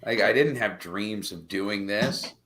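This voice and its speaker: A man who is a stand-up comedian, guesting on a podcast and telling wry, deadpan stories with sarcastic jokes. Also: fairly low pitch, a little slow, creaky. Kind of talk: casual podcast chat.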